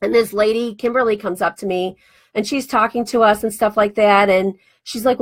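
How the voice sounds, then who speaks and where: A woman in her forties, a radio host and life coach, telling a personal story in a chatty, animated way and acting out bits of dialogue. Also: mid-range voice, moderate pace. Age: 40s. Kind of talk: casual storytelling monologue.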